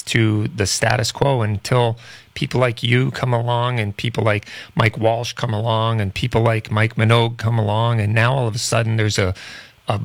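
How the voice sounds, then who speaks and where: A man's voice: mid-range voice, vocal fry, no room sound. A man hosting a radio interview, emphatic and supportive toward his guest. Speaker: radio show host.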